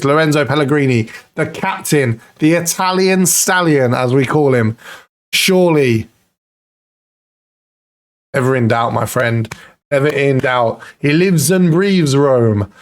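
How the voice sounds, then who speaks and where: A man commentating his own football management game, excitable and pleading at the screen, swearing now and then. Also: mid-range voice. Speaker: gaming YouTuber.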